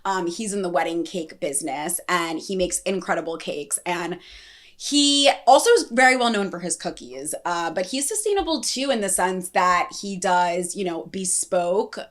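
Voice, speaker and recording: A woman's voice: fairly low pitch, lively intonation, normal speed. A woman hosting a podcast, talking casually in a chatty, rambling way with many fillers. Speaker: podcast host.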